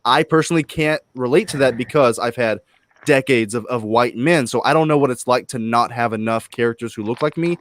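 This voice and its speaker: A man's voice: medium pitch, a little fast. Stammering man in an online debate. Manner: stammering, restarts often. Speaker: panel guest. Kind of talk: casual live-stream debate.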